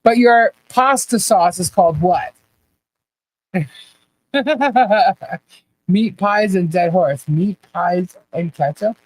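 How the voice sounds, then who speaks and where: Lady on a live chat, talks slow, laughs a lot, keeps asking confused questions. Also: medium pitch, low-quality recording. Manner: laughs often, baffled questions, repeats herself. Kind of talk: casual live chat reading comments.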